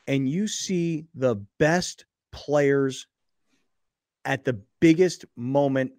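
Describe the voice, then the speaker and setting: A male sports radio host talks in a dead, dry studio sound. His voice sits a bit high for a man. He is chatty and self-deprecating, and he leans hard on the points he cares about. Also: dry recording. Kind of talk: casual sports talk radio. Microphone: studio microphone.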